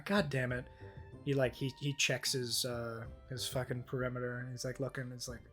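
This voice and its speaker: A man streaming a game with casual, profane, rambling commentary, easily delighted by small things. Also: medium pitch.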